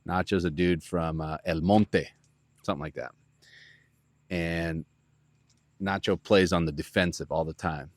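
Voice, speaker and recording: A man hosting a podcast, telling a rambling, animated story full of fillers. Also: sits low, measured pace, long pauses, no room sound. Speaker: podcast host. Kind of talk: casual storytelling monologue.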